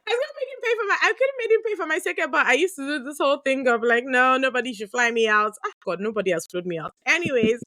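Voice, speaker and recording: A woman in her thirties talks openly on her own podcast. She has a fairly high voice, and she rambles through her stories with frequent laughter. The sound is close and dry, with no room ring. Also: quick pace, dry recording. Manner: lively, chatty, laughs often, many fillers. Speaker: podcast host answering listener questions. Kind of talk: candid conversational storytelling.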